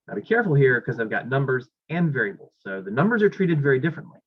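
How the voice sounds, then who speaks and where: A male math teacher lectures in a very animated, fast, husky mid-range voice, solving problems on the board. He speaks while writing, reasons aloud and self-corrects, heard through dull lo-fi classroom audio.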